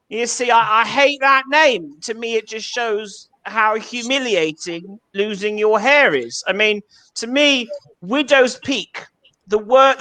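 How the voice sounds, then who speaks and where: A man's voice: high-pitched, bright, forceful tone. A man doing stand-up comedy, telling self-deprecating anecdotes and acting out quotes.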